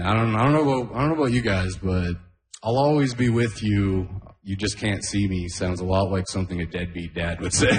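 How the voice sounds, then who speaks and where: A man's voice: fairly low pitch, roomy sound. A man from Canada performing a stand-up comedy set, laughing at his own jokes and often saying "oh, man".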